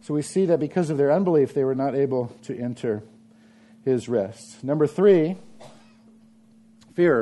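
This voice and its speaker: A man preaching a sermon in a church, emphatic and repeating phrases, swinging between loud and soft delivery. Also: medium pitch, normal speed, pauses often. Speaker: pastor.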